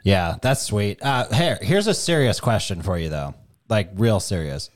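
A man's voice: fairly low pitch, animated, measured pace. A man hosting a podcast, bantering casually with profane jokes. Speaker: podcast host. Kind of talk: casual chat.

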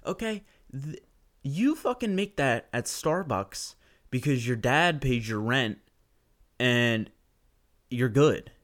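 A man's voice: mid-range voice, animated, slow pace, pauses often, fairly bright tone. A young man ranting profanely and sarcastically through a solo podcast monologue.

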